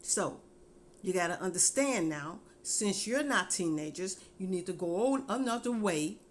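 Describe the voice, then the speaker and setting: A middle-aged woman giving casual, heartfelt parenting advice, earnest and folksy, repeating her points slowly. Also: medium pitch, animated, slight background noise.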